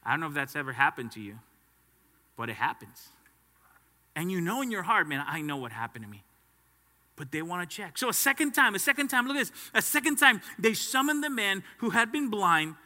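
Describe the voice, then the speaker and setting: High, forceful preacher in a reverberant hall. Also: male voice, sing-song, brisk. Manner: emphatic, with call-and-response prompts to the congregation. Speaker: pastor. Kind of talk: sermon.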